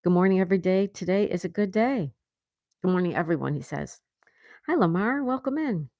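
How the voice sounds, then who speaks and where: A woman with a lowish voice hosts a casual livestream and reads viewer comments aloud, laughing often. The sound is dry and close, with almost no room echo. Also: expressive, brisk, a little mellow. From United States. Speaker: livestream host. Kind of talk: casual live chat reading comments. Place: home in Florida.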